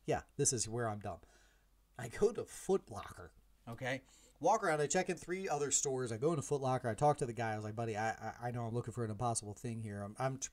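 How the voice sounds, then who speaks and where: Self-deprecating asides pepper the casual, lively personal story this forties-aged podcast host tells in a medium-pitched voice, and he acts out the dialogue as he goes.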